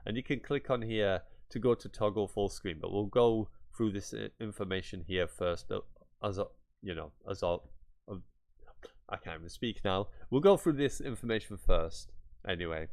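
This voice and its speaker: A man's voice: lowish voice, expressive, moderate pace. A man with a chatty, rambling delivery, talking viewers through a website in a screen-share tutorial, with mock-exasperated asides. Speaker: YouTuber.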